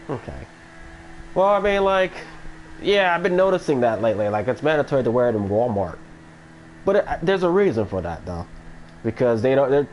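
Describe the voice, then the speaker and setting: A man's voice: fairly low pitch, slight background noise, poor audio. A man chatting casually on a live stream, rambling with many restarts and frequent swearing.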